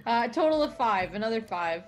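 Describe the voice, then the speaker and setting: A woman's voice: fairly high pitch, lively intonation, a little fast, faint music behind. A woman player at a tabletop game, playful and giggly.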